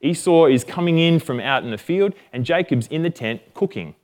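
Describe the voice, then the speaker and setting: A man's voice: on the high side, expressive, moderate pace, darkish tone. Australian man, casual Bible teaching, jokey, chatty, self-correcting.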